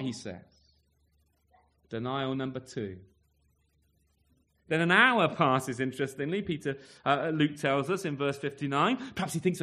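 A man's voice: mid-range voice, animated, normal speed, fairly bright tone. A male preacher giving a sermon in a conversational way, often ending points with questions to the congregation and restarting phrases as he searches for words. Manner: conversational, full of rhetorical tag questions; restarts and stumbles while reaching for words.

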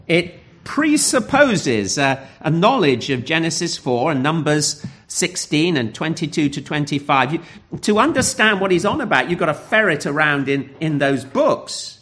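Male preacher, slightly high voice, emphatic sermon delivery. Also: a bit bright. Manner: emphatic, earnest, with dramatic pauses.

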